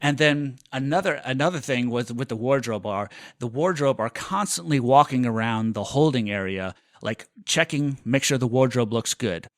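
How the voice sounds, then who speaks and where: A man co-hosting a casual podcast, spinning a long self-mocking story with animated bursts. His voice sits at an ordinary middle pitch and is recorded dry and close, with no room echo. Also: normal speed, hardly any pauses. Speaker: podcast co-host.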